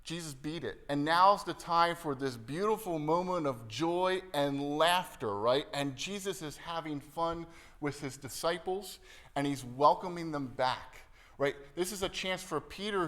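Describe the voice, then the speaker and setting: A man's voice: a little high, unhurried, a bit bright. A man, the pastor, preaching a sermon in a conversational style. He keeps checking in with the congregation and acts out quoted lines playfully. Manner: conversational, checks in with the room often ("right?", "okay?").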